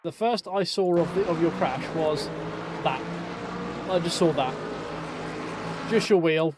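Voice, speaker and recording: A man's voice: fairly high pitch, unhurried, pauses often, noisy background. A man streaming sim racing, chatting casually with viewers over race replays in a joking, sweary way. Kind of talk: casual live-stream chat while reviewing race replays.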